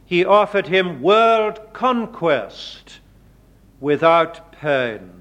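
Male preacher, measured sermon delivery, high voice, muffled old recording. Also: very animated, a bit bright. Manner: slow, deliberate preaching with dramatic emphasis on quoted words.

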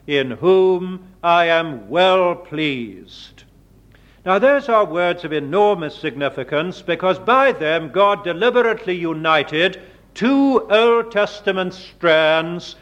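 A man preaching a sermon, slow and deliberate, leaning hard on quoted words. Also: high voice, a bit bright. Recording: dull lo-fi sermon recording.

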